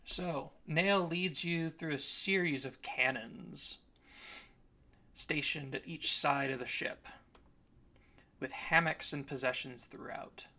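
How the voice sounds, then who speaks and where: A man's voice: on the high side, slow pace, bright, forceful tone. A man narrating a tabletop game as game master, describing scenes at length.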